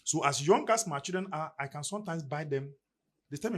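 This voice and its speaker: A middle-aged man with a Ghanaian English accent talks on a podcast with emphatic, preacher-like force. His voice is husky and slightly breathy. His pitch swings widely as he builds each point. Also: expressive, fairly quick, a bit bright. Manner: preacherly, emphatic, rising and falling delivery. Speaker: podcast guest. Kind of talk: motivational podcast talk.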